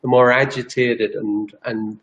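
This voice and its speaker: A man's voice: mid-range voice, fairly even intonation, unhurried, fairly bright tone, dull audio. Earnest man telling a story. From Northern Ireland. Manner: earnest, rambling, with restarts. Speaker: guest, energy healer. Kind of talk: personal storytelling in interview.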